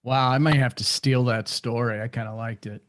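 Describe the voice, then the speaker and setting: A man hosting a podcast, wrapping up the interview in a relaxed way with filler words. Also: mid-range voice, normal speed. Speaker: podcast host. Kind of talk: casual interview wrap-up.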